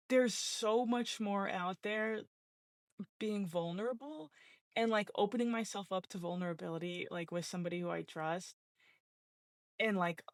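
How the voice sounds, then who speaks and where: A young woman talks on her own podcast in a loose, chatty way. She rambles, restarts sentences and leans on fillers, sounding open and unguarded. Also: medium pitch. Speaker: podcast host. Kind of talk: casual personal chat.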